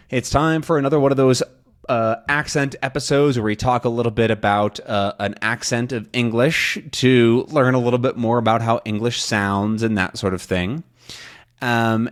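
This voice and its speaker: A man hosting a podcast lesson for English learners, talking in a relaxed, loose way with many fillers and restarts. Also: medium pitch. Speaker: podcast host and English teacher. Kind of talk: casual spoken lesson.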